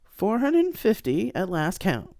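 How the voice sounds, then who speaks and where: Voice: medium pitch, huge pitch swings, slow pace, darkish tone, dry recording, clean studio sound, voice pushed up, heavily acted. The reader voicing a tipsy, blunt young woman who teases her old friend in a live-read audiobook. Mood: earnest.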